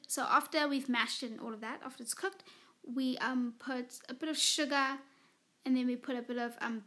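Young woman, high voice, solo podcast host; rambly, gushing, filler-heavy casual chat. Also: sharp tone. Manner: gushing, rambling, full of "like" and repeated words.

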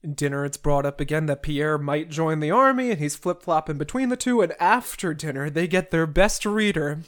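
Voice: medium pitch, animated, moderate pace. A podcast host recapping a classic novel chapter by chapter, with sarcastic asides and roast-style jokes. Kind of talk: comedic book recap.

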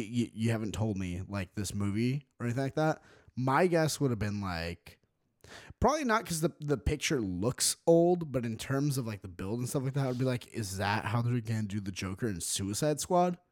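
A man co-hosting a casual movie podcast, excitable and swearing often. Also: medium pitch, no room sound, studio quality. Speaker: podcast co-host. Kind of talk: casual chat.

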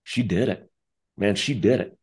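A man telling a personal story as an interview guest, acting out the voices of the people in it. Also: unhurried. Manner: acts out quoted voices, lively pitch. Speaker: author and guest. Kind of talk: animated storytelling.

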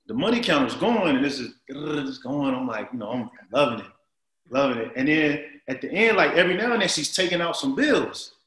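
A man in his forties spins a rambling anecdote for an interviewer. His delivery is animated and packed with fillers, set at an average pitch, and the voice carries a roomy echo around it. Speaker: interview guest. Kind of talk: casual storytelling.

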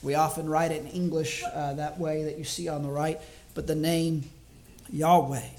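Man, slightly high voice, evangelist giving a sermon, reflective, slows down to stress key words. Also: flat delivery, a little mellow, a little hiss or hum. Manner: thinks aloud with small restarts. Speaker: evangelist preaching to a congregation.

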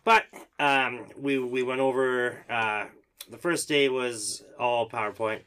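Bright-voiced man telling a story. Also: medium pitch, takes it slowly, smooth. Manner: animated, acts out dialogue, lots of "like". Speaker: fire captain. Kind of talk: casual podcast storytelling.

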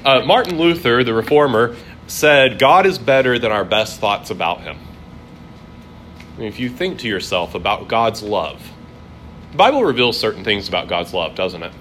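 A man's voice: lowish voice, lively intonation, normal speed, a bit bright, slight background noise. A man teaching a classroom Bible lesson in a conversational way, acting out quoted voices.

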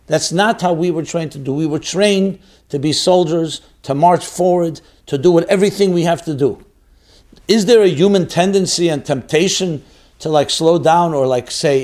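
Earnest, emphatic rabbi giving guidance. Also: male voice, a little high, normal speed, darkish tone. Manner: earnest and emphatic, repeating key phrases; sprinkles in Hebrew and Yiddish religious terms. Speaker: rabbi hosting a question-and-answer show. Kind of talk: answering a listener's question with religious guidance.

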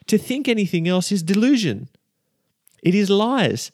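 A man's voice: high-pitched, measured pace, no room sound. Fervent male preacher, dry sound. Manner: fervent, building to excited emphasis. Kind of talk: sermon.

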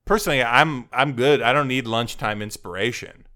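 A man's voice: mid-range voice, moderate pace, pushed and bright. A man co-hosting a comedy podcast, riffing sarcastically in casual chat and slipping into mock ad voices. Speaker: podcast co-host.

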